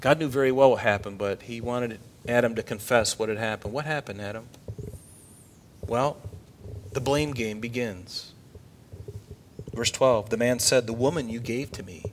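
A man's voice: mid-range voice, a little slow, long pauses, a little hiss or hum. Emphatic male pastor preaching. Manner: emphatic, rhetorical questions. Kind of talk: sermon.

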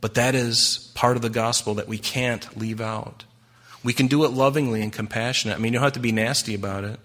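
A man preaching a sermon with a bright, forceful voice. He talks to the congregation in a conversational way and keeps asking them rhetorical questions. He acts out the voices of the people in his stories. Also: mid-range voice, steady tone, brisk. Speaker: pastor.

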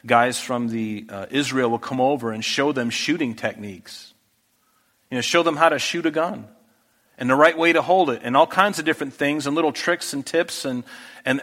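A man's voice: mid-range voice, a bit bright, big-room sound. A man preaching a conversational Bible-teaching sermon, briefly acting out characters in casual voices. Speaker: pastor.

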